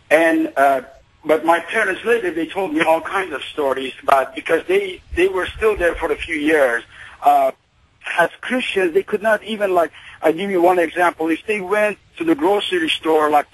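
Middle-aged male caller from Iran, husky, a bit high-voiced, halting phone-in speech. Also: a bit bright, poor audio. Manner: hesitant, many fillers. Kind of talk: phone-in call to radio show.

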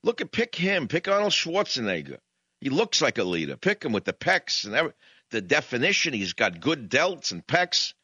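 A man's voice: medium pitch, wildly swooping pitch, moderate pace, sharp tone, husky, dry recording, muffled recording, pitched above the performer's own voice, exaggerated voice. A man voicing a whiny, self-pitying old male prophet who keeps complaining. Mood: whining. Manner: whining, complaining.

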